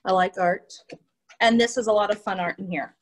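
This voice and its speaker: A young woman with a Midwestern American accent, an art teacher reading a picture book aloud to young children on a video call, animated and encouraging. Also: medium pitch, moderate pace, low-quality recording. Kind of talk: children's storytime read-aloud.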